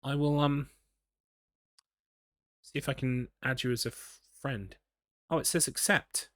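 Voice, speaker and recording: A man's voice: medium pitch, fairly even intonation, measured pace, a bit bright, dry recording, studio quality. An English man streaming a horror game, chatting casually and rambling, teasing himself as he reads his chat. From England. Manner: rambling, self-mocking, talks to himself.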